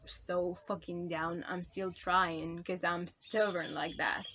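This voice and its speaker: A woman rambling through a casual video review at a mid-range pitch, heaping on swear words and fillers as she gushes. She gets emotional and sounds close to tears, and faint noise sits under her voice. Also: a bit bright. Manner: gushing, profane, rambling with many fillers. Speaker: book reviewer.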